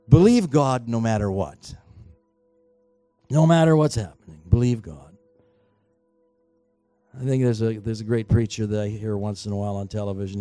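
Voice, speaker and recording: In a church sanctuary, a pastor with a lowish voice preaches a sermon with no echo in the recording. He is emphatic, swinging between quiet and loud exhortation as he urges the congregation to respond.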